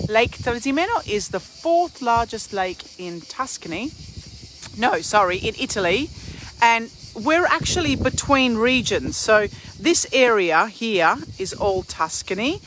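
A woman's voice: mid-range voice, fairly bright tone, slight background noise. A woman from Australia with an Australian accent, a tour operator giving a live walking tour outdoors, chatting and greeting viewers by name as she walks with a handheld phone. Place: outdoors in a hill town square.

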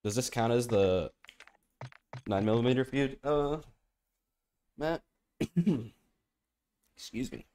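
A man's voice: mid-range voice, lively intonation, takes it slowly, pauses often, dark tone, slight background noise. A man streaming a video game, chatting in a playful, rambling way and coughing now and then. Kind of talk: casual gaming stream chat.

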